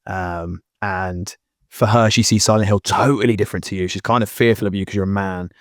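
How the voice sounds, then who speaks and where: A man's voice: lowish voice, fairly even intonation, a little fast, no room sound, studio quality. A man co-hosting a podcast in casual chat, earnest and rambling as he works through his thoughts. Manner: earnest, rambling, many fillers and restarts. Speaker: podcast co-host. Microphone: podcast mic.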